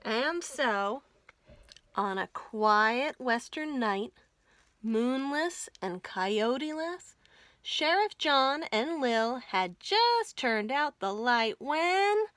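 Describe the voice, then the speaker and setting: Bright-voiced storytime librarian. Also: female voice, high voice, extremely slow, no room sound. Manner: expressive, folksy storytelling. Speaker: children's librarian. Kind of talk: children's storytime reading.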